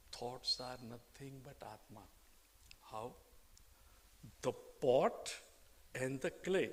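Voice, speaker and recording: A man's voice: on the high side, fairly bright tone. An older man giving a spiritual discourse, asking rhetorical questions and acting out little dialogues. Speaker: spiritual teacher. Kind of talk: Vedanta scripture discourse.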